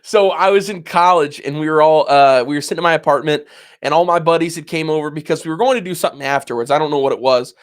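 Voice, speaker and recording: Man, twenties, podcast co-host, casual chat, lively storytelling, slightly high voice. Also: fast talker. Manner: animated storyteller, acts out his own past reactions.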